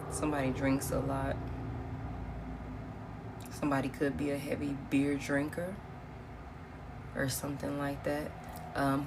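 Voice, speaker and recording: A woman's voice: deep voice, noisy background. A woman doing a casual live-stream tarot reading, chatty and repetitive, often calling her viewers y'all. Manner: casual, chatty, repeats herself, says y'all, laughs often. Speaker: tarot reader.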